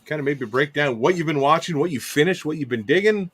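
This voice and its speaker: A man's voice: a little high, lively intonation, quick pace, husky. A man hosting a casual livestream show, rambling loosely and reading out chat comments. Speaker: podcast host.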